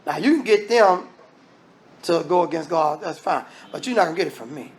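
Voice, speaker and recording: A man's voice: a little high, expressive, fairly quick, a little hiss or hum, pitched below the performer's own voice. A man acting out a lovestruck strongman who firmly refuses to tell his secret. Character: smitten strongman, calm and firm with his girl.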